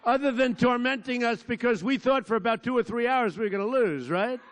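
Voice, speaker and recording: A man in his seventies giving a rambling, boastful campaign rally speech at a large outdoor field, repeating himself and sometimes shouting. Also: high voice. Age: 70s. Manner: boastful, digressive, repetitive, bursts into shouting. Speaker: politician at a rally.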